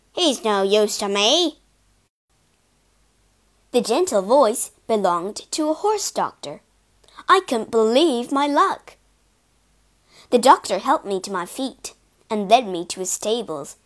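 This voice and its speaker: A woman reading a storybook aloud in a slow, clear way, giving the characters voices. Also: a little high, very animated. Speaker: storybook reader. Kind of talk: storybook narration for learners.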